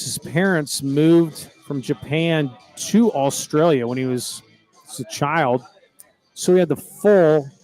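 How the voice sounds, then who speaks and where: A man's voice: fairly high pitch, darkish tone, dry recording. A middle-aged man, calling a baseball game in a folksy, chatty, rambling way. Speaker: play-by-play announcer. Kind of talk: baseball commentary.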